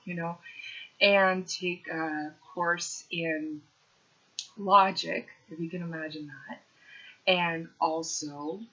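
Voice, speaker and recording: Woman telling a comic story, lo-fi. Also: sits low. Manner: animated, punchy delivery with playful asides. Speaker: stand-up comedian. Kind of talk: storytelling monologue.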